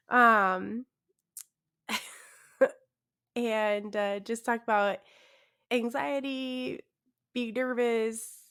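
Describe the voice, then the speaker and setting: A woman's voice: fairly high pitch, fairly bright tone, smooth. A tired young woman hosting her own podcast in casual chat, awkward and self-deprecating, laughing often and trailing off into fillers. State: tired, yawning. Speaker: podcast host.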